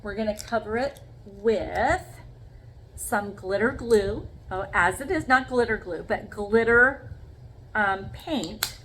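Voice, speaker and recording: A woman's voice: medium pitch, takes it slowly, fairly bright tone, slight background noise, low-quality recording. A woman demonstrating sponge painting in a casual craft vlog, talking viewers through each step and checking in with them often. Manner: chatty, talks viewers through each step with frequent "okay?". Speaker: craft vlogger.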